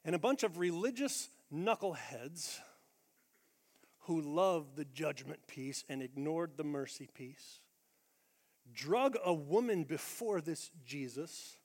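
A man preaching a sermon as pastor, blunt and energetic, swinging between loud emphatic lines and hushed quiet ones. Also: fairly high pitch, slow. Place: large church auditorium. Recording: long reverb of a large hall.

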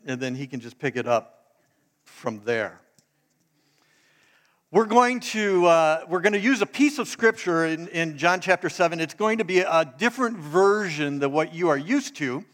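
Joking pastor leading an interactive sermon. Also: male voice, a little high, lively intonation, normal speed, a bit bright. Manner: casual, joking, addresses the congregation directly. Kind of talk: sermon with audience participation.

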